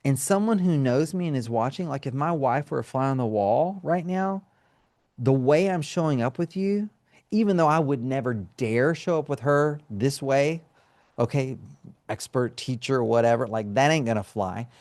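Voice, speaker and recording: A man's voice: mid-range voice, expressive, normal speed, darkish tone, dry recording. Man explaining like a teacher, dry sound. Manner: teacherly, often checks in with "right?" and "okay?". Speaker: counselor and trauma specialist guest. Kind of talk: explanatory interview talk.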